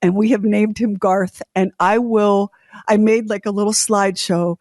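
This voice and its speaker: Animated middle-aged woman telling a story. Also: medium pitch, moderate pace, no echo, clean studio sound. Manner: animated, acts out quoted voices. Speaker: podcast co-host. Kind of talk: casual storytelling chat.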